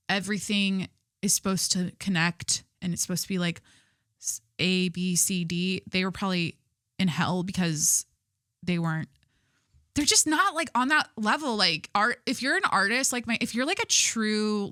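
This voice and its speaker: A woman's voice: mid-range voice, sharp tone, dry recording, studio quality. A young woman hosting a podcast in casual chat, rambling with lots of "like" and swearing, laughing at herself. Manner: rambling, heavy use of "like", swearing, self-mocking. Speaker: podcast host.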